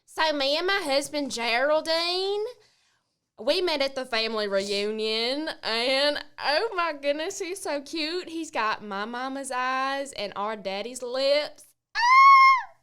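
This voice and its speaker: A giddy Southern country wife with a put-on Southern US drawl. She gushes and shrieks, her bright voice leaping high and falling all over the place. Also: lively intonation, takes it slowly, exaggerated voice. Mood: gushing. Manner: shrieking, gushing, laughing. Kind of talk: comedy sketch impression.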